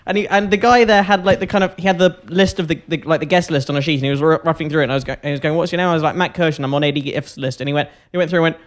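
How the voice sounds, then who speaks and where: Wry English man, higher voice. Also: fairly even intonation, very fast, few pauses. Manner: dry, wry quips. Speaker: guest comedian. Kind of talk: casual podcast chat.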